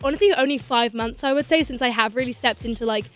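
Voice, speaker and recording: A bubbly, excitable young woman, chatting casually as a guest in a radio studio and filling her talk with "like". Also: on the high side, faint music behind. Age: young adult. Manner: bubbly, excitable, quick laughs, lots of "like". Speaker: singer and actress guest. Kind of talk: casual chat.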